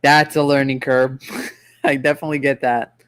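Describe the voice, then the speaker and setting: Man, casual chat, short agreeable replies, smooth voice, flat delivery, dry sound. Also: mid-range voice, moderate pace, no room sound.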